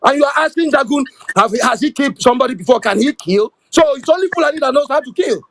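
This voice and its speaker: A man's voice: very high voice, animated, quick pace, a bit bright, rough recording. A man calling in to a talk show, bitter and heated, confronting the host. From Nigeria. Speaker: caller. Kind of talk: angry call-in rant.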